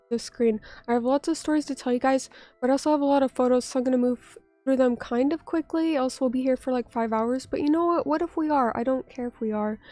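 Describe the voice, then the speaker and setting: A woman's voice: high voice, warm tone. A woman streamer who is still getting over an illness, chatting casually with viewers, reading their comments aloud, joking at her own expense and swearing now and then. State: still sick, recovering from illness. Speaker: vtuber streamer.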